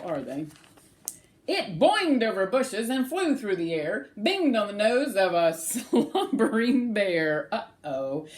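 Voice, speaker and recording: A woman reading a rhyming picture book aloud to children, animated and sing-song, stopping to ask the children questions. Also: mid-range voice.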